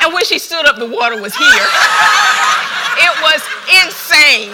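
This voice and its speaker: A woman's voice: high-pitched, normal speed, very noisy. A woman pastor preaching a sermon, telling a story with lots of laughter and emphatic, repeated phrases. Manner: animated storytelling, laughs often.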